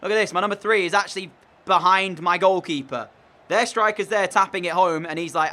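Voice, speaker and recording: A man's voice: sits high, brisk, pushed and bright. A young man commentating on his own video game match in an exasperated, sarcastic way. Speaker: gaming commentator.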